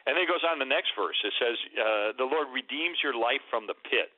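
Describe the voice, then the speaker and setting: A man's voice: mid-range voice, brisk, dry recording. A man, a guest author, telling a story on a radio talk show, with lots of ums and restarts. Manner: animated, many ums and restarts. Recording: tinny phone line.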